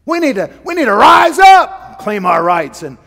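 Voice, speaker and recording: A griping male coworker , put on by a preacher, rattles off his complaints at speed. The voice sits fairly high. Long reverb trails behind every phrase. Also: lively intonation, gravelly, fairly bright tone, breathy edge, heavily acted. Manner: fast, griping rant.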